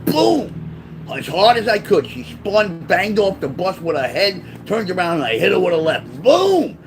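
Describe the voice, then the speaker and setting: A man's voice: sits high, animated, moderate pace, background noise. A man, from Brooklyn, rambling through blunt, profane memoir stories in a casual spoken style. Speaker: author telling his life story.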